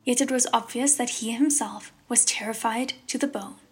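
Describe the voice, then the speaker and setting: Husky woman narrating an audiobook. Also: on the high side, steady tone, normal speed. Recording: narration over faint background music.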